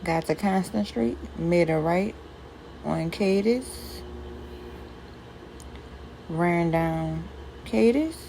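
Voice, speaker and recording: Slow, low-toned New Orleans woman. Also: vocal fry, dark tone, a little hiss or hum, rough recording. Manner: plain, step-by-step describing. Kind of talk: slow route narration.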